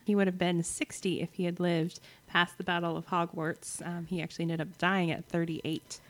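A woman's voice: lowish voice, level tone, moderate pace. A woman co-hosting a casual fan podcast, bubbly and playful, often chiming in. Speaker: podcast co-host.

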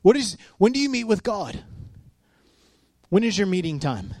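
Man, 30s, pastor, conversational sermon, storytelling, fairly high voice. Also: moderate pace, no room sound. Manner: storytelling, animated, acts out quotes.

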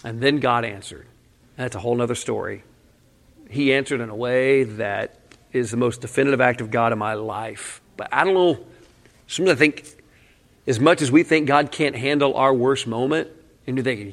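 A man's voice: medium pitch, moderate pace. A man preaching a conversational sermon in a candid, casual way, often saying "man" and breaking into short laughs. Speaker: pastor.

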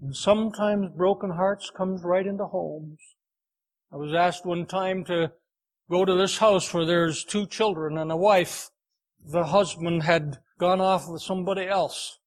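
A man preaching a sermon, telling a folksy farm story in an unhurried, homespun way. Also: high-pitched, steady tone.

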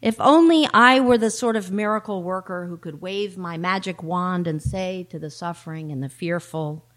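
A woman's voice: lowish voice, normal speed, fairly bright tone. A middle-aged woman minister and chaplain preaching a sermon, telling a story in a wry, earnest way. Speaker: minister and law enforcement chaplain.

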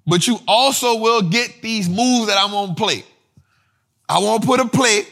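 A man's voice: high voice, normal speed, gravelly. A man hosting an investing show, teaching finance terms in a casual, slangy way with lots of repetition. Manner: slangy, repetitive, animated explaining.

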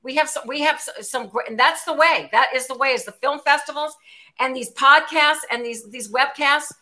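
Lady host, bright high voice, gushing and chatty. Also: moderate pace. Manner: enthusiastic, effusive. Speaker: show host. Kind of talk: casual interview.

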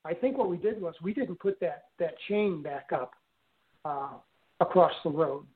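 An older man telling a personal story in an interview, speaking haltingly with frequent restarts and fillers. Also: fairly high pitch, expressive, a little hiss or hum. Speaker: guest recounting an experience. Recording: tinny phone-line audio.

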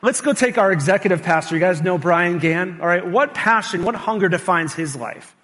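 A man's voice: high voice, lively intonation, normal speed, a bit bright, in a large hall. A male pastor preaching a sermon and engaging the congregation with questions. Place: church sanctuary.

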